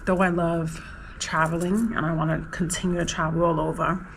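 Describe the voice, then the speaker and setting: A woman's voice: on the low side, level tone, normal speed, a little hiss or hum, low-quality recording. Chatty New woman vlogger. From New York, USA. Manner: emotional, rambling, lots of "like" fillers. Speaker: travel vlogger. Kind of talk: casual personal vlog.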